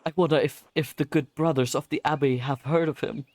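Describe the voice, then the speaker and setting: A man's voice: a little high, steady tone, fairly quick, darkish tone, no echo, pitched above the performer's own voice, close to an everyday voice. A man reading out the lines of an earnest young male scholar from a historical game, lifting his voice a little.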